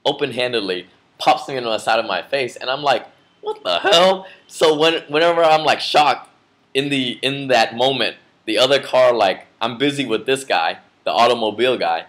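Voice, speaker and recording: A man's voice: medium pitch, normal speed, a bit bright. A man casually telling a story to camera in a vlog, rambling with lots of fillers and restarts. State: just woke from a nap. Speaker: vlogger.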